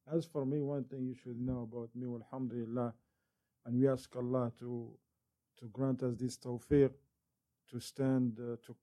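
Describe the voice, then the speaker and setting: Man preaching with a dark, mellow voice. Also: medium pitch, moderate pace. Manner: animated storytelling with rising emphasis. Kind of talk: sermon.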